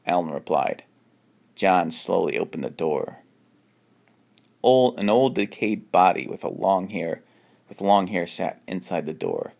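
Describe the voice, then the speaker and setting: A man reading his own homemade horror story aloud, stumbling and restarting often, and jumping up in pitch for the characters' lines. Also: lively intonation, a little slow, gravelly, a little mellow. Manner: unpolished reading with frequent restarts.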